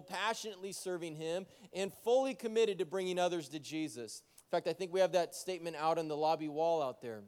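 Pastor guy preaching in a big echoey sanctuary, joking and lively, smooth voice. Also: sits high. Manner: joking, energetic, talks straight to the congregation. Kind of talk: sermon. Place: church sanctuary. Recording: long church hall reverb.

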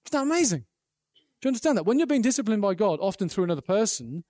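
High-voiced preacher, earnest. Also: male voice, quick pace, no room sound. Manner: earnest, animated storytelling with acted quotes. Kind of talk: sermon.

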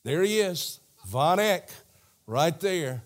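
A man preaching a sermon as animated storytelling, talking directly to the crowd. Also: fairly high pitch, takes it slowly.

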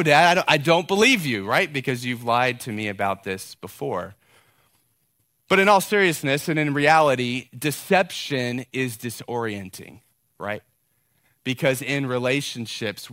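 A male pastor in his thirties tells a story from the pulpit, acting out every quoted line. His voice sits a little high and sounds bright and forceful. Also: no echo, studio quality. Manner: animated storyteller, acts out quoted dialogue. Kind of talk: sermon with a personal story.

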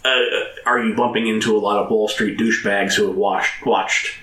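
A man co-hosting a casual movie podcast, lively and talkative. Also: on the low side, normal speed. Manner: animated, quotes film lines in put-on voices. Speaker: podcast co-host. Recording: echoey room with faint noise.

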